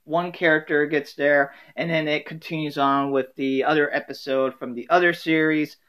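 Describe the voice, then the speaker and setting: A man's voice: fairly high pitch, fairly even intonation, normal speed, a bit bright. A man hosting a casual solo talk from home, rambling with many fillers and restarts.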